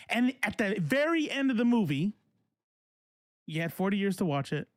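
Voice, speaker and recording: A man's voice: high voice, big pitch swings, moderate pace, no echo, clean studio sound. A man hosting casual political commentary, talking in a rambling, profane way with many fillers and restarts. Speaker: host.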